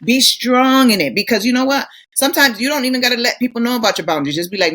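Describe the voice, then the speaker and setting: A woman's voice: a little high, rapid-fire, a bit bright. Blunt, profane woman telling a story. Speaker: podcast co-host. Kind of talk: casual chat.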